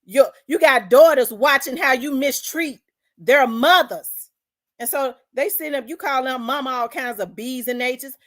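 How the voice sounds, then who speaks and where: Memphis woman hosting an opinion vlog, higher-voiced, ranting in blunt and profane talk. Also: normal speed. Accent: Memphis Southern US. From South Memphis, Tennessee. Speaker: host.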